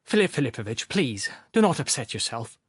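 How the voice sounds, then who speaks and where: A man voicing an energetic young doctor, firm, insistent and lecturing. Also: mid-range voice, brisk, husky, dry recording, clean studio sound.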